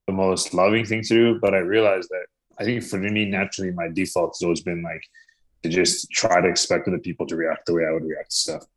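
A young man co-hosts a relaxed podcast chat. He talks quickly in a somewhat low voice and keeps restarting his sentences. He fills the gaps with repeated fillers as he hunts for the next word. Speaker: podcast co-host.

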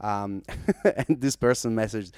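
A man's voice: on the low side, a little slow, a little mellow, smooth, no room sound, clean studio sound. A man from Italy, a podcast guest, chatting casually and laughing often while he tells stories over a remote call. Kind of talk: casual chat.

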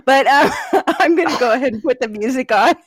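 A woman hosting a casual podcast chat, laughing often and loudly as she talks. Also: sits high, expressive, brisk, breathy edge, no room sound, clean studio sound. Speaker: host.

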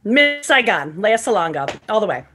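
A woman's voice: mid-range voice, big pitch swings, normal speed, sharp tone. A woman guest on an interview, chatting casually and playfully, laughing often. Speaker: guest, Broadway performer.

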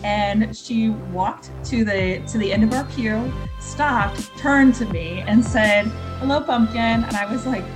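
A woman from Indiana tells a personal story as a guest on a podcast, earnest and reflective, with plenty of ums and you-knows. Her voice sits at an ordinary pitch. Clear music plays beneath her. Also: unhurried, hardly any pauses. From Indiana, US Midwest. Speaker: guest psychic medium.

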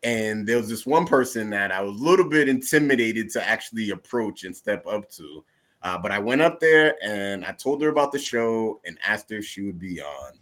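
A man's voice: lowish voice, expressive, normal speed, a bit bright. A man co-hosting a podcast in casual chat, laid-back and joking, often repeating his phrases. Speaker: podcast co-host.

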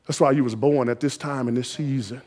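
A man preaching a sermon, exhorting his listeners and rising to loud emphatic peaks. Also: mid-range voice, steady tone, brisk. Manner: exhorting, call-and-response rising to shouted emphasis.

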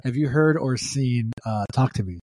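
A man hosting a casual podcast chat, easygoing and quick to laugh, asking loose, rambling questions. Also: mid-range voice, mellow, no echo. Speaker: podcast host.

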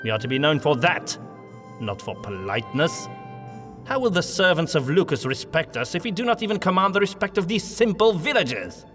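A man acts out a stiff, elitist witch hunter with a crisp RP accent and a harsh edge. His voice swings widely for emphasis. It sits in a long, hall-like reverb. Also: a little high, sing-song, brisk, a bit bright, faint music behind, voice pushed up. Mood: haughty. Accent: RP English. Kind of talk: audio drama acting.

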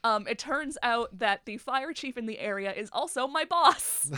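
Young woman, animated storyteller with lots of laughter, bright tone, slightly high. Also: normal speed, clean tone. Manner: animated, laughing storyteller who acts out quotes. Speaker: podcast co-host. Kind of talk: casual chat, storytelling.

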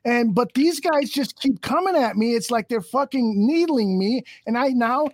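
A man's voice: extremely high pitch, expressive, normal speed, no room sound. Angry profane man ranting on a podcast. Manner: angry, profane, rambling with restarts. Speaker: podcast host. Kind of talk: heated podcast rant.

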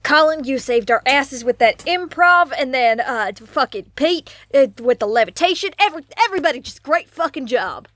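Excitable swearing woman, high dry voice. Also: moderate pace, hardly any pauses, no echo. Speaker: player. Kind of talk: casual tabletop play chat.

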